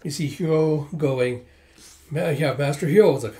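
A man's voice: fairly high pitch, dark tone. A man casually reading through a manga, narrating the panels play by play. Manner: quick play-by-play retelling. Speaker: manga reviewer.

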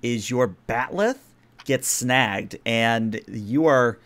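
A man's voice: medium pitch, drawn-out words, a bit bright. A man running a tabletop role-playing game as game master, explaining the rules patiently and narrating the action.

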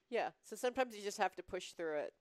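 Lively, laughing woman podcast host. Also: medium pitch. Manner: laughs readily, upbeat, encouraging. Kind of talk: casual chat.

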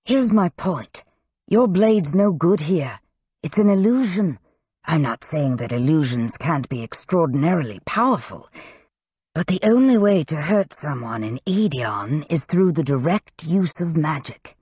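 A playful young male wizard who loves to show off, his lines drawn out at an unhurried pace, as an audiobook reader puts him on. He teases more than he threatens. The sound is close and dry, with no room around it. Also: mid-range voice, big pitch swings, a little mellow, slightly rough, no echo. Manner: teasing and showy. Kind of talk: audiobook character reading.

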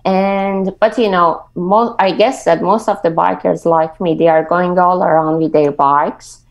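A woman from Iran, talking as an interview guest, eager and halting, with many fillers. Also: fairly low pitch, fairly even intonation. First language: Persian. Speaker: guest, motorcycle rider. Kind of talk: casual interview.

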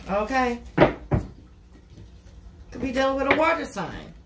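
A woman with a slightly high voice gives a tarot reading straight to camera. She talks bluntly and casually, swears freely and leans on "you know". Her voice rings around a hollow-sounding room over a clear hiss. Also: unhurried, long pauses. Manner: blunt, profane and talkative, with repeated "you know". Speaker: tarot reader. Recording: echoey room with steady noise.

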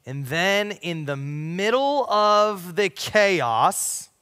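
A youth pastor preaching in a bright, cutting voice pitched a little high. He talks casually to the students, dropping to a hush at times, and his words trail off into a long reverb in a large church auditorium. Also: expressive, very slow, clean tone. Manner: casual and conversational, swinging from loud to hushed. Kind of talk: sermon.

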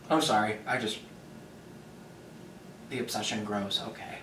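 A young man hosting a reaction video, gushing dramatically and breaking into quick asides as he reacts. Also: on the low side, lively intonation, a bit bright, a little hiss or hum. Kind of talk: excited reaction commentary. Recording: echoey room, distant mic.

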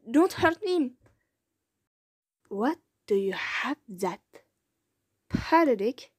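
A woman's voice: sits high, expressive, slow, no room sound, clean studio sound. A woman with a French accent, a native French speaker, reading fan voice audition lines, retaking them and giggling between takes.

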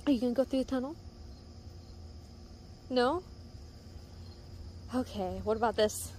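A woman's voice: fairly high pitch, a little slow, a little mellow, a little hiss or hum. A woman casually coaching her pet fox through tricks, coaxing and laughing as she goes. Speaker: pet owner. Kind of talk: casual pet training commentary.

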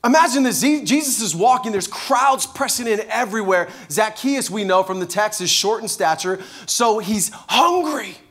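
Animated, high-voiced male pastor preaching. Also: normal speed, hardly any pauses. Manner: animated storytelling, passionate. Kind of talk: sermon.

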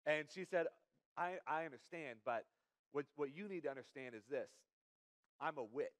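A man's voice: fairly high pitch, normal speed, no echo. A young man preaching a sermon as pastor, telling a personal story with self-deprecating humor. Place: church.

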